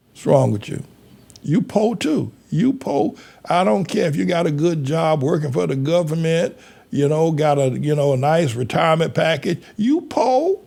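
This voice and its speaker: A man's voice: mid-range voice, creaky, dark tone. An older man preaching as a pastor, impassioned and repetitive, pleading with his listeners. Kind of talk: preaching to a congregation.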